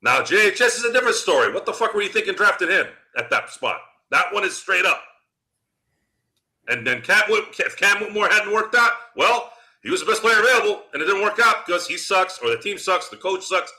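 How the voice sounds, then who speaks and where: A man hosting a sports podcast launches into a heated, combative rant. His voice is very bright and cutting, and it swings widely in pitch as he curses and jabs at critics. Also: expressive, a little fast. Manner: profane and combative, jabbing at critics. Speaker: podcast host.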